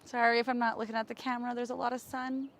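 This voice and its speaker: Female yoga teacher, a little high-pitched, soft and slow guided instruction, outdoor camera-mic sound. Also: flat delivery, slight background noise. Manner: slow, gentle, soothing cues. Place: outdoors in bright sun.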